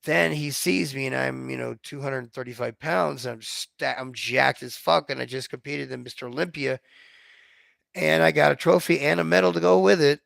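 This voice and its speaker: A man's voice: medium pitch, fairly even intonation, normal speed, a bit bright, dry recording. A man telling stories from his own life in a blunt, profane, somewhat robotic way. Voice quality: gravelly. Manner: blunt, profane, self-described robotic delivery. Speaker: vlogger. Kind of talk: casual storytelling monologue.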